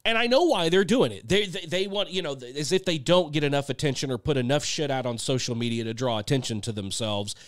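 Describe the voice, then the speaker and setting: A man's voice: fairly high pitch, fast, few pauses, no room sound. A man hosting his own podcast, talking in a blunt, sarcastic, casual monologue and swearing freely into a close microphone. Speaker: podcast host and songwriter.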